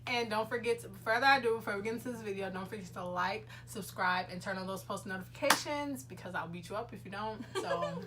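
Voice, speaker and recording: A woman's voice: medium pitch, quick pace, hardly any pauses, heavy background noise. A young woman hosting a casual mukbang video from home, giggly and teasing. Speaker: vlogger host.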